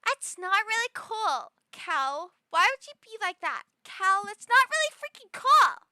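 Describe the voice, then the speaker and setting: A woman voicing an annoyed girl character who scolds loudly in a raised, indignant voice. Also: very high voice, very animated, a little slow, dry recording, studio quality, pitched above the performer's own voice, exaggerated voice.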